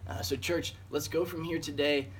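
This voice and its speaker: A man's voice: a little high, steady tone, normal speed, slight background noise. Earnest young-sounding man giving a devotional. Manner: earnest, heavy on fillers like "man" and "um". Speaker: junior high director. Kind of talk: casual devotional talk.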